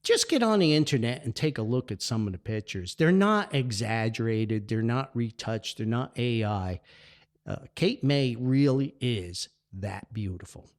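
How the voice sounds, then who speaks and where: A man's voice: medium pitch, lively intonation, a little slow. Rambling man with a New Jersey accent. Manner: enthusiastic, rambling. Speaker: podcast host. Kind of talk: solo podcast monologue.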